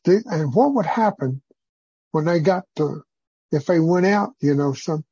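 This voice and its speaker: Man leading a church group: husky, mellow, rambling preacher style, muffled lo-fi sound. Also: on the high side, expressive, measured pace, no echo. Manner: rambling, preacherly, with many fillers. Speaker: group leader. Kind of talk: informal church group teaching.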